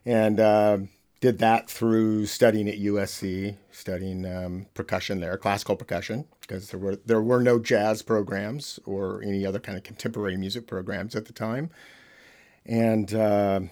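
A man's voice: fairly low pitch, moderate pace. A middle-aged American man, a drummer being interviewed, chatting casually and joking as he rambles through his story. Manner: relaxed, joking, rambling with fillers. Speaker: band drummer, interview guest.

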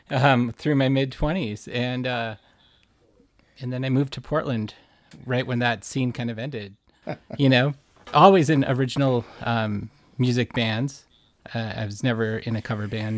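A man from Wisconsin, a bass player being interviewed, talking in a hesitant way with many fillers. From Milwaukee, Wisconsin, US. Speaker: band bassist, interview guest. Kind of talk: casual interview chat.

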